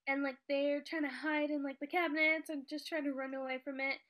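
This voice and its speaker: A woman's voice: high-pitched, little pitch movement, brisk, fairly bright tone. A woman chatting casually about a movie, recapping scenes with lots of filler words.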